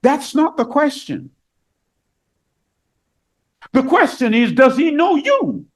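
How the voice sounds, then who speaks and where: A man preaching a sermon, reading scripture aloud and explaining it, repeating key phrases and rising higher and louder for emphasis. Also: big pitch swings, takes it slowly.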